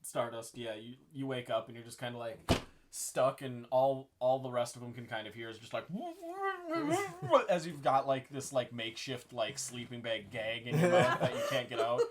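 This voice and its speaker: A man's voice: mid-range voice, steady tone, brisk, over a noisy crowd. A man running a tabletop game as game master, narrating in a rambling, casual way full of fillers and laughter.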